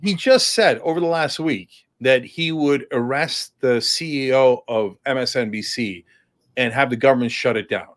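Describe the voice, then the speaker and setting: A man's voice: medium pitch, normal speed. A man who is a political candidate, making his case in an interview in a sarcastic, combative way. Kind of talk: impassioned political interview talk.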